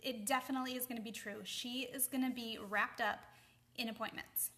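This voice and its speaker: A woman's voice: fairly high pitch, fairly even intonation, a little fast, pushed and bright. A young woman, a mom, giving casual advice to the camera, chatty with lots of ums and a habit of asking "okay?". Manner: chatty, many fillers, keeps asking okay.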